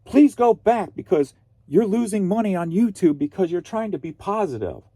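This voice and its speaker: A man's voice: high voice, expressive, normal speed, mellow, no echo, studio quality, voice pushed up. A man mimicking a whiny miserable commenter. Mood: mocking. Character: whiny miserable male commenter, self-pitying.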